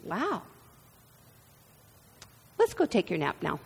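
A woman voicing a cheerful mother coaxing a child, brisk and sing-song. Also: on the low side, huge pitch swings, creaky, slightly rough, voice pushed down, exaggerated voice. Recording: reverberant hall.

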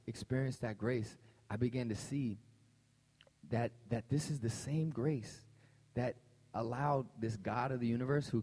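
Male pastor, mid-pitched, conversational and animated sermon delivery, long hall reverb.

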